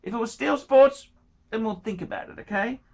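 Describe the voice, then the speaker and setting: A man's voice: very high voice, moderate pace, gravelly. A man giving watch-buying advice in a casual rant, pushy and pleading, repeating himself and throwing in crude jokes.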